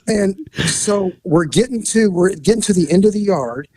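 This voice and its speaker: A man's voice: high-pitched, normal speed, dry recording. A man hosting a podcast, casually telling a crime story with lots of laughter and cursing. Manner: animated, laughs often, swears freely.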